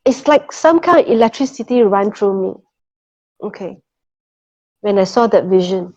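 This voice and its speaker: A woman's voice: mid-range voice, expressive, normal speed, warm tone. A middle-aged woman telling a personal faith testimony in an earnest way, often checking in with her listeners. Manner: earnest, checks in with listeners, many repeated "okay" and "you know". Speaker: testimony speaker. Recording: muffled lo-fi recording.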